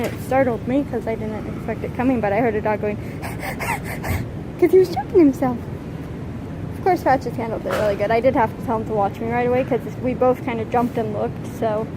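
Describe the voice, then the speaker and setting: A young woman with a high voice talks casually to the camera, sometimes quiet and soft. She switches to short, bright praise and commands for her dog, with a faint hiss of noise underneath. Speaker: vlogger and service dog handler. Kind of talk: casual vlog chat.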